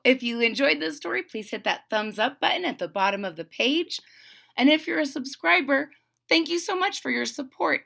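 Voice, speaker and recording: A woman reading a children's picture book aloud as a channel host, pausing to explain the pictures. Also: on the high side, creaky. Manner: slow, gently explaining the pictures. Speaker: storybook read-aloud host.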